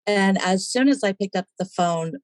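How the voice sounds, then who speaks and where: A woman's voice: mid-range voice, normal speed, no room sound. A woman, a podcast guest, telling her personal story in a casual interview and animatedly acting out the voices in it.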